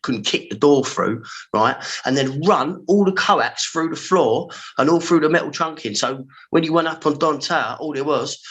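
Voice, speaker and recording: Animated London man telling stories. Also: medium pitch, rough recording. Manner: animated, slangy storyteller, acts out his own reactions. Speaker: podcast guest, former pirate radio engineer. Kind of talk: storytelling in casual chat.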